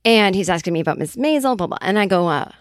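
A woman's voice: mid-range voice, fast talker, no room sound, studio quality. A woman podcast host telling a casual comedic story, acting out the quoted voices of other people as she goes. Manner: animated, acts out quoted voices.

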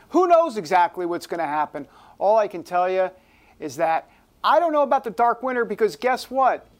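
A man hosts a casual political talk show with a playful, theatrical delivery. Now and then he drops his voice low and spooky for effect. Rain and rolling thunder play behind him.

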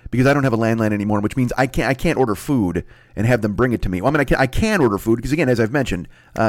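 A man's voice: medium pitch, dry recording, clean studio sound. A man in his forties hosting a solo podcast from his apartment, rambling and swearing as he talks straight to his listeners. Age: 40s. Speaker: podcast host. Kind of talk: solo comedic rant. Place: apartment room, alone.

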